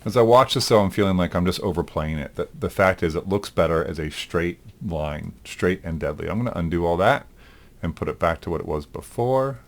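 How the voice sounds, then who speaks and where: Low-voiced male instructor thinking aloud. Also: brisk. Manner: thinks aloud, relaxed, with frequent ums. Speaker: animation instructor. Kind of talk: recorded lecture demonstrating software.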